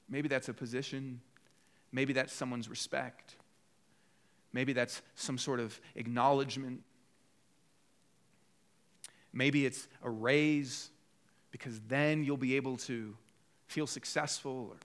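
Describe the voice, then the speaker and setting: A man's voice: medium pitch, fairly even intonation, a little slow, fairly bright tone. A man preaching a conversational sermon as pastor, rising to emphatic bursts when voicing people's inner thoughts. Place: church.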